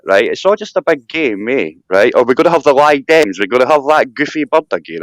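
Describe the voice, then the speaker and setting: Scottish male host, rambling and animated, pitch jumps all over, dry close sound. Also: a little fast, hardly any pauses, no echo. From Scotland. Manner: animated rambling rant with mocking asides. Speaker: live stream host. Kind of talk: casual chat.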